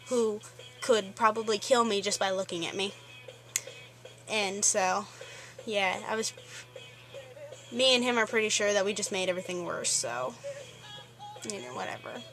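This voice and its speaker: A teenage girl vents in a rambling, exasperated rant, packed with fillers. Her voice sits a little high and sounds bright and forceful. Faint music plays underneath. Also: low-quality recording. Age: teens. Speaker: vlogger. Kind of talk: ranting vlog.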